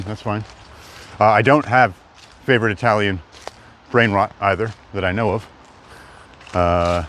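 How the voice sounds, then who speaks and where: A man rambles to his live-stream viewers while hiking a wooded trail. His voice sits fairly low. Faint outdoor noise and the odd passing car sound behind him. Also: a bit bright. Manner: rambling, chatty, talks to chat. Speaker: livestreamer. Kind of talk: live-stream walking vlog. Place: outdoors in woods.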